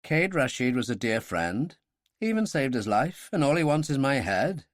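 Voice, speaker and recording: A man's voice: medium pitch, very animated, moderate pace, dry recording, studio quality, lightly acted. A man voicing a hard-edged male operative who talks in a sardonic, blunt way.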